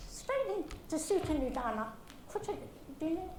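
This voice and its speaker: A woman with a high, lively voice coaches dancers in an echoey studio, brisk and animated and calling them darling. Background noise runs clearly under her voice. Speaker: ballet coach. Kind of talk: coaching a ballet rehearsal.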